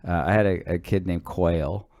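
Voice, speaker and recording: Low-voiced man telling stories, dry sound. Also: steady tone, normal speed, a little mellow, no room sound. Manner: storytelling, stammering restarts, swears casually. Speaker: podcast co-host; teacher. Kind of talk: casual chat.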